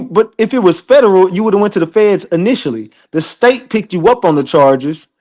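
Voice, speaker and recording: A man hosting an online show, giving casual livestream commentary in an animated, profane, laughing storyteller's way. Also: fairly high pitch.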